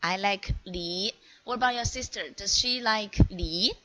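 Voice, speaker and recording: Slow, bright-voiced woman teaching Chinese. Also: mid-range voice, rough recording. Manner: slow, encouraging, praises often, clear modelling of words. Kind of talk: online one-on-one language lesson. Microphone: video call.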